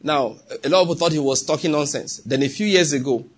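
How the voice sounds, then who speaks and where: A man with a Nigerian English accent delivers a sermon with emphatic, pressing conviction. His voice sits a little high and carries a husky, breathy edge. He keeps pausing to ask whether his listeners are following. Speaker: pastor.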